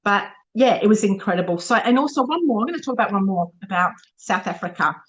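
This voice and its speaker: A middle-aged woman with an Australian accent speaks in a chatty, emotional way, often laughing and restarting her sentences. Her pitch sits in the middle for a woman. The recording sounds a little dull and lo-fi. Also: expressive, fast talker. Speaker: sales director giving a presentation. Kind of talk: informal motivational talk.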